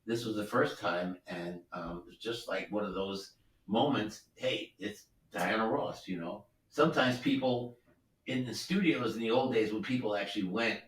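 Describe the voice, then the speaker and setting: Here a man in his seventies, a record producer who's also appearing as a guest musician, tells loose, easygoing stories packed with side remarks. His pitch sits fairly low and his pace is moderate, captured with a roomy, distant-mic sound.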